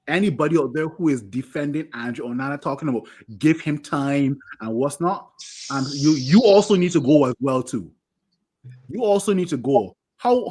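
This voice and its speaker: A man's voice: on the high side, darkish tone. A man ranting furiously as a fan panelist on a podcast, repeating himself and swearing. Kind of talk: angry fan rant on a podcast.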